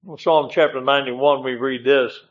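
A man's voice: mid-range voice, steady tone, moderate pace, dull audio. A man preaching a folksy, emphatic sermon in a church, often repeating amen. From northern United States. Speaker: guest preacher.

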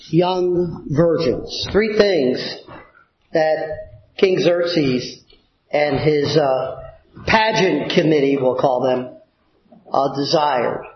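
A man preaching a sermon, teaching slowly and deliberately with pauses and filler words. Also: a little high, slight background noise. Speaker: pastor. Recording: echoey room, dull lo-fi sound.

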